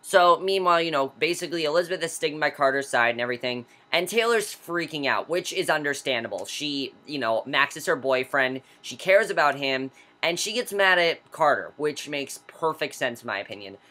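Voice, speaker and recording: A young man casually recapping and reviewing a TV episode, rambling and excitable, full of ums and likes. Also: on the high side, a little fast, hardly any pauses. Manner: rambling, filler-heavy, excitable.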